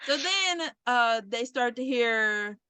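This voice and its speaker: A woman's voice: fairly high pitch, slow pace, clear, resonant tone, no room sound. A woman co-hosting a podcast in casual chat, retelling a horror movie scene by scene and acting out the characters' lines, swearing freely. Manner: animated storyteller who acts out the characters' lines and swears freely. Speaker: podcast co-host.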